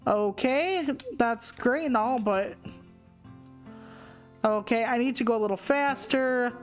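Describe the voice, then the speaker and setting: A woman's voice: on the high side, takes it slowly, pauses often, soft background music. A woman in her forties hosting a let's play, chatting in a goofy, self-mocking way. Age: 40s. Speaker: gaming channel host. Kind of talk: casual let's play commentary.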